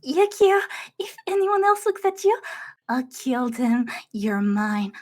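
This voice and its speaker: An obsessive yandere girl, possessive and creepy, her high voice swinging wildly as it turns unsettling, as a woman acts her out. The voice climbs from quiet menace into something unhinged. Practice takes for a voice acting workshop. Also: very animated, slow pace, exaggerated voice. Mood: menacing. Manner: builds from subtle to creepy.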